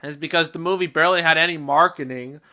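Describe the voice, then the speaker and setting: A man with a bright, crisp and smooth voice talks through a casual commentary on movie earnings. He sounds animated and chatty, breaks into laughter often and trails off into fillers now and then. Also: fairly high pitch, fast talker. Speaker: movie box office commentator.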